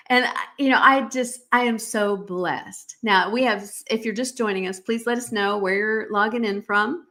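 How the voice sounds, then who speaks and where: A woman's voice: medium pitch, moderate pace, fairly bright tone. A middle-aged woman from the United States hosting a live-stream podcast, talking in an emphatic, motivational way and greeting viewers. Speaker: podcast host.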